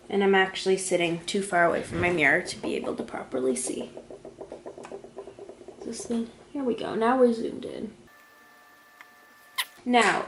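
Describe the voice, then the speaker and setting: A woman with a slightly high voice narrates her makeup tutorial in a relaxed, chatty way, talking through every step as she works. Her voice bounces around a roomy, echoey space. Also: slight background noise. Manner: chatty, talks through each step while applying makeup. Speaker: beauty vlogger. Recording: echoey room.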